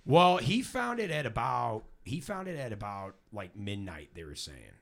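A man co-hosting a casual talk show, telling a news story with lots of laughter and a lively delivery. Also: medium pitch, normal speed, creaky. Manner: animated storyteller, laughs often.

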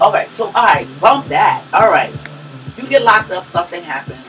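A woman co-hosting a podcast, telling a personal story in a loose, profane, animated way and laughing often. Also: lowish voice, normal speed, distant mic, soft background music, rough recording. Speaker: podcast co-host. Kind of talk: casual storytelling chat.

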